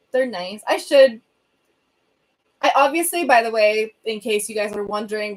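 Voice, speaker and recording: A young woman chatting casually with viewers on a livestream, rambling and humming between thoughts, recorded on a laptop's built-in mic at home. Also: medium pitch. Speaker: livestreamer answering viewer comments. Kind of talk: casual chat. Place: home room with a bookshelf. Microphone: laptop built-in webcam mic.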